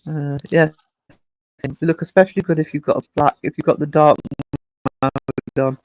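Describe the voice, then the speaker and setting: Chatting casually on his livestream, this host reads out viewers' comments and says hello to people by name. His voice sits on the high side, a little mellow, with fairly even intonation at normal speed.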